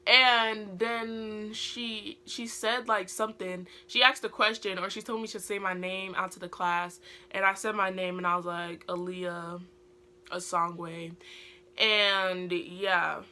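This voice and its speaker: A woman's voice: medium pitch, fairly even intonation, measured pace, few pauses, sharp tone. A teenage girl with a British accent, telling a casual storytime vlog in a rambling way full of filler words. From Britain. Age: teens. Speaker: vlogger.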